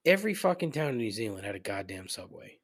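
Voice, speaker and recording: A man's voice: on the low side, very animated, fast talker. A man hosting a podcast, telling stories in a casual, profane, sardonic rant. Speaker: podcast host.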